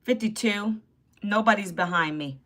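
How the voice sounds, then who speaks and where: A woman in her fifties chats through a casual live stream with a bright, clear, forward voice. She is talkative and sassy, and she answers viewers directly. The voice sits at an ordinary middle pitch. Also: normal speed. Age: 50s. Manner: chatty and sassy, greets viewers and answers chat. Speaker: livestream host. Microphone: phone.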